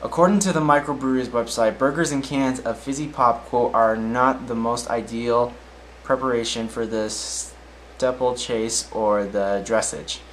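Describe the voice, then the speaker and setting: A man's voice: medium pitch, steady tone, unhurried, a little hiss or hum, low-quality recording. A man casually reading odd news stories aloud, often tripping over names, then adding his own offhand comments.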